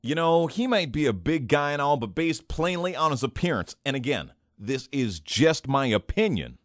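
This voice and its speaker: A man's voice: a little high, sing-song, normal speed, no room sound, clean studio sound. A man hosting a casual radio interview, easygoing and wry. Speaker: radio host.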